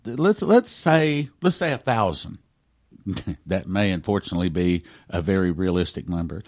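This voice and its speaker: A male pastor delivers a radio sermon with earnest conviction. His mid-range voice rises into loud emphasis, then sinks to hushed, near-whispered lines. The recording is dry and close, with no room sound. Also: mid-range voice, no echo.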